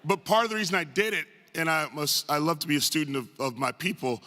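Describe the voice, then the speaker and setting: A man from the northern United States tells funny, self-deprecating stories to an auditorium crowd, chatty and full of quick asides. His voice is slightly high, bright and forceful. A long hall reverb trails behind every phrase from the stage microphone. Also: animated. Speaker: guest speaker at a tribute event. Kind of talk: humorous anecdotal speech to a live audience. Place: large arts center auditorium.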